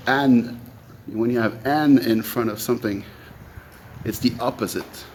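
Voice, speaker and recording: Slow, reflective male podcast host. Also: mid-range voice, slight background noise. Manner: slow, reflective, explaining step by step. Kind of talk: solo monologue on ideas.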